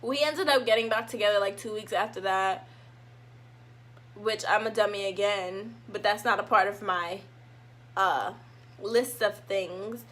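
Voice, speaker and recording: A young woman vlogger telling a casual storytime, animated, and acting out her own past lines dramatically. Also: mid-range voice, a little slow. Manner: animated, dramatic reenactments of herself.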